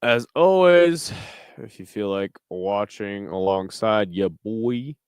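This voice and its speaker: A relaxed, foul-mouthed man hosts a late-night fight watch-along and trades jokes with his chat. His voice comes through smooth and clear, recorded dry on a close desk mic with no room sound. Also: lowish voice, takes it slowly, dry recording. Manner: laid-back, profane, jokey asides to chat. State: tired, burping. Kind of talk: casual live commentary.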